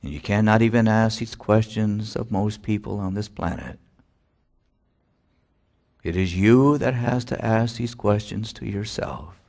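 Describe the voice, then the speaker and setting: Slow, gravelly-voiced man giving spiritual talk. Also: on the low side, darkish tone. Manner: solemn, deliberate, long pauses. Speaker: spiritual teacher.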